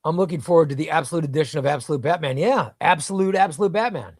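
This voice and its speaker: A man's voice: on the high side, quick pace, dry recording, clean studio sound. A man hosting a casual live stream, reading viewer chat and rambling, often repeating himself. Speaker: livestream host reading chat.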